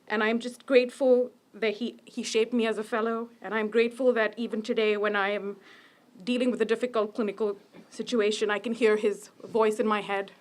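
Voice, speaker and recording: A woman's voice: fairly high pitch, little pitch movement, fairly quick. A woman, a former medical fellow, giving a sincere and earnest tribute speech. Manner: earnest, sincere, softens at phrase ends.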